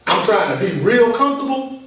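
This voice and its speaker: A man's voice: high voice, very animated, fairly quick, fairly bright tone. A man voicing a complacent young job applicant with a lazy, mumbling drawl. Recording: echoey room from far off.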